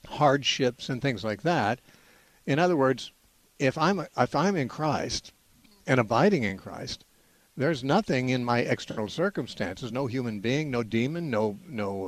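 Measured male call-in radio host. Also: mid-range voice, no echo. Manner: measured, explanatory, frequent "uh" restarts. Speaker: radio Bible-answer host.

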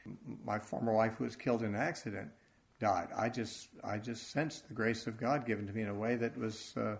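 A man teaching from the Bible in an earnest sermon, speaking haltingly and restarting his phrases often. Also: on the low side, steady tone, creaky. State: choked up with emotion.

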